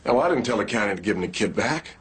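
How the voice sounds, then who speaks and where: An actor playing a pushy, domineering police chief who leers and then turns gruff and dismissive. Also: male voice, lowish voice, animated, quick pace. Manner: leering, dismissive, swings from chuckling to gruff. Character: pushy middle-aged male police chief, boozy and domineering. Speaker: police boss. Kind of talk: TV movie acting. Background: film score music.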